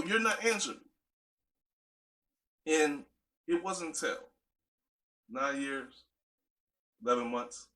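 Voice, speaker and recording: A man's voice: a little high, bright, forceful tone. A man giving a motivational talk in an emphatic, conversational way, repeating phrases for effect. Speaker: motivational speaker.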